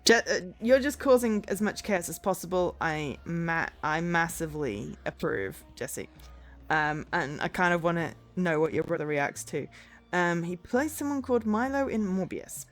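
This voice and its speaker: Faint music plays as a thirty-something woman streams a game, talking casually and wandering off on tangents. Her voice is on the low side and expressive, at normal speed, and her manner is chatty, rambling, and self-deprecating.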